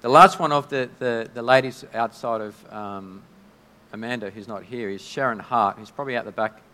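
A man preaching a sermon in a conversational, halting way, often restarting his sentences. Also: mid-range voice, pushed and bright, slight background noise. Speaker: pastor. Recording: long hall reverb.

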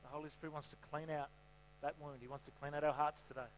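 A man's voice: fairly high pitch, flat delivery, fast. A man preaching a sermon in a church, chatty and joking, often asking the congregation questions. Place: church hall. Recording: reverberant hall with mains hum.

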